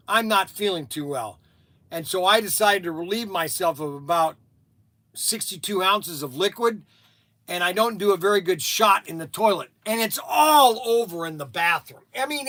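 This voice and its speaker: A man's voice: high-pitched, pushed and bright, dry recording. A man hosting a store livestream, telling casual stories in a rambling way, repeating himself and laughing at his own tales. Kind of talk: casual storytelling.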